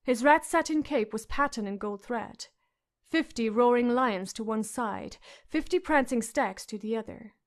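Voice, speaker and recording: A woman's voice: on the high side, measured pace. A woman reading a fantasy audiobook with dramatic narration.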